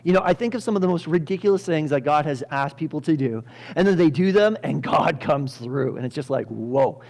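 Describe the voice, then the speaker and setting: A male pastor telling a Bible story in a lively sermon, acting out the characters with sudden loud bursts and frequent laughter. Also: a little high, fairly quick. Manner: animated, acts out characters with sudden loud jumps, laughs often. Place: church.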